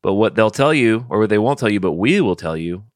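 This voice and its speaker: Male co-host, low animated voice, dry close mic, mock-grave comic delivery. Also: fairly quick, no echo. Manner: mock-solemn, playfully profane, theatrical swings. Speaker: podcast co-host. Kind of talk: improvised comedy banter.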